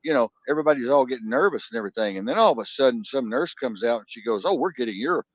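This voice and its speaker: A man telling long rambling stories and jokes in casual chat, jumping into high voices when he quotes people. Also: lively intonation, rapid-fire, no room sound. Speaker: co-host. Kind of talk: casual storytelling and joke telling. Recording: dull lo-fi sound.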